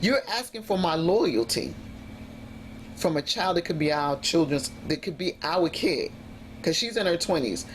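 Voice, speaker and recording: A woman vlogger telling a personal story in an animated, emphatic way, acting out what people said. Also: on the low side, unhurried, slight background noise. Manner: animated, emphatic retelling with acted-out quotes. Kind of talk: casual storytelling vlog.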